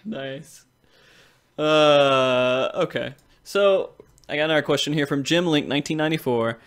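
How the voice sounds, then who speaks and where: A man's voice: a little high, unhurried, a bit bright, clear, resonant tone. A man from Tennessee hosting a podcast, laid-back, reading out listener questions with plenty of fillers. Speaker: podcast host. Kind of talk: casual podcast chat.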